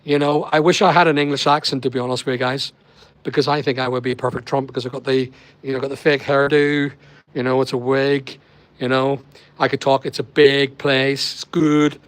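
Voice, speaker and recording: A man's voice: mid-range voice, no room sound. A man with a Northern Irish accent, hosting a casual live stream and chatting with viewers by name in a rambling way. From Northern Ireland. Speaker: livestream host. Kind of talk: casual live chat reading viewer comments.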